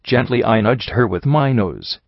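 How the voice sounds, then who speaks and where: A man reading a first-person story aloud in a steady, grim way. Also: medium pitch, a little slow, no echo. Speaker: audiobook reader. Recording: dull lo-fi recording.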